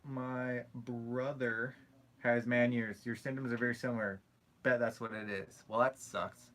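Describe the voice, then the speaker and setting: A man's voice: medium pitch, measured pace. A young man with a Canadian accent, hosting a casual livestream and chatting, joking and reading comments aloud. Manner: chatty, joking, animated when telling stories. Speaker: livestream host.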